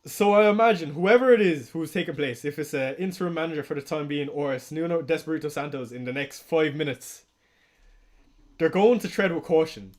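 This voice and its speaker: A young Irish man chats on a live stream in a fairly high voice. He talks casually and excitably, swears freely and laughs often. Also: brisk. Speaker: fantasy football streamer. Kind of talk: casual livestream commentary.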